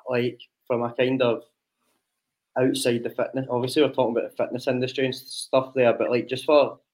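A man's voice: medium pitch, little pitch movement, brisk, a little mellow. A young Scottish man co-hosting a podcast, talking frankly and reflectively with plenty of swearing. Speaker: podcast co-host, online coach. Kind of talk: casual chat.

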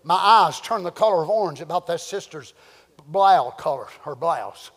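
An older man preaching a sermon, swinging between loud shouting and quiet storytelling. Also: on the high side, animated, moderate pace, creaky, long reverb tail. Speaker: pastor.

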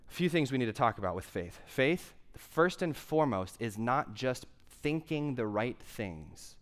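A young man preaching a sermon in a conversational style, driving points home with emphatic repetition. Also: medium pitch. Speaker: pastor.

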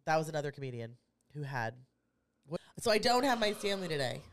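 A woman's voice: deep voice, sing-song, fairly quick, slight background noise. A woman, co-hosting a casual podcast as an insurance agent, chatty and rambling. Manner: chatty, rambling, laughs easily. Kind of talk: casual chat.

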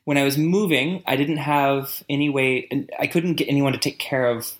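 A man's voice: medium pitch, normal speed. Reflective man telling a personal story. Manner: reflective storytelling, many fillers. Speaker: conversation partner. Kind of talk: casual chat.

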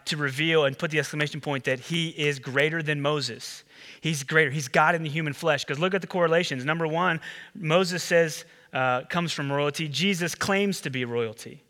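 A man preaching a sermon as pastor, animated, acting out the people in the story. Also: long reverb tail. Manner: animated, acts out the disciples and Jesus with rising pitch.

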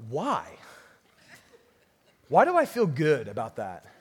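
A young man preaching a sermon, telling a story with lively, playful sarcasm. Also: on the high side, takes it slowly, breathy edge, long reverb tail. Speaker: pastor.

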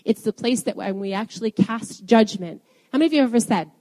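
A woman's voice: medium pitch, fast, dark tone. Woman preaching in a reverberant hall. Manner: personal storytelling, quoting scripture with rising emphasis. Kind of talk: sermon.

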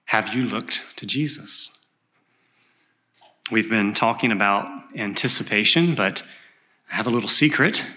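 A man preaching a sermon as pastor of a church, earnest and measured as he tells a story. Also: lowish voice, pushed and bright.

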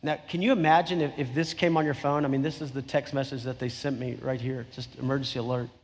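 A man's voice: mid-range voice, little pitch movement, fast talker. A middle-aged man preaching a sermon, telling a story in a conversational way with emphatic repetition. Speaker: pastor. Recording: long hall reverb.

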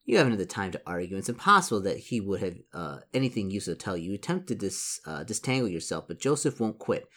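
Man reading a gamebook, lively voice. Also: lowish voice. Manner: halting reading, stumbles on words, animated asides. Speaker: reader playing a solo gamebook. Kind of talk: reading aloud with asides.

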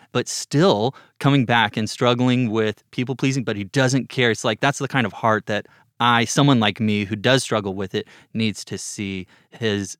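A man's voice: medium pitch, clean tone, no room sound, clean studio sound. Earnest man sharing a personal reflection. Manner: earnest, sharing personal struggles, animated when delighted. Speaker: podcast guest.

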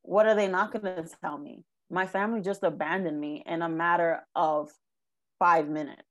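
A young woman with a somewhat low voice tells her hard life story as an interview guest, her intonation fairly even. She speaks earnestly and haltingly, with many "um"s and "like"s, and she sounds emotional, on the verge of tears, throughout the testimony.

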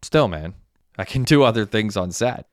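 A man's voice: on the low side, lively intonation, normal speed, dry recording, clean studio sound, close to an everyday voice. A man reading the lines of a blunt, foul-mouthed young man in an audiobook.

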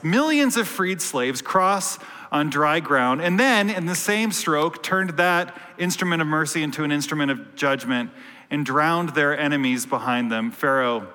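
A man gives a relaxed, joking sermon, telling stories with playful quoted asides. His voice sits a little high and sounds bright and forceful. The long reverb of a church hall trails every word. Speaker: priest. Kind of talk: conversational sermon.

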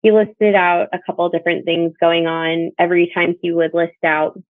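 A woman's voice: lowish voice, little pitch movement, normal speed, no echo. Woman telling a personal story over a tinny line. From Northern Virginia. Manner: earnest, reflective, quotes others in dialogue. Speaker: bereaved mother sharing her story. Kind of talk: personal testimony, conversational storytelling. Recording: tinny phone-like line, dry.

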